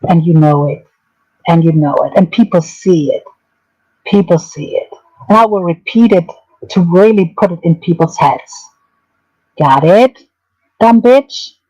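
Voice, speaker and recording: A woman's voice: on the low side, expressive, a little slow, long pauses, a little mellow, rough recording. A woman, hosting a livestream of drama commentary and ranting angrily with a lot of swearing and repetition. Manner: angry, profane, repetitive ranting. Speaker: streamer.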